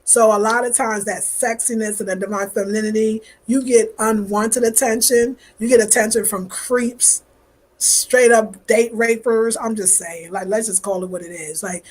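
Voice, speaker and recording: This is a woman in her fifties with a New York accent, talking with viewers in a relaxed, chatty, lively way. Her voice sits a little high and sounds somewhat husky and breathy. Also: moderate pace. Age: 50s. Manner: animated, chatty, slangy. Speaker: vlogger. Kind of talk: casual live-stream chat.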